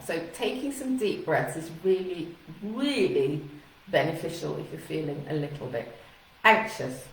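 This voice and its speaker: A woman's voice: sits low, measured pace, a bit bright, recorded from a distance. A woman speaking as a communication coach in a live talk to camera, chatty and encouraging, sometimes acting out anxious thoughts. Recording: echoey room with faint noise.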